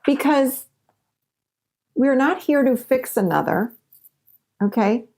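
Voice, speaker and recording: A woman with a slightly high voice gives a teaching talk on relationships. She speaks earnestly and drives her points home through repetition. She also acts out short example conversations between partners. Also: lively intonation, takes it slowly, vocal fry, a little mellow. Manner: earnest, repeats for emphasis, acts out example dialogues. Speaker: relationship coach. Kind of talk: teaching monologue.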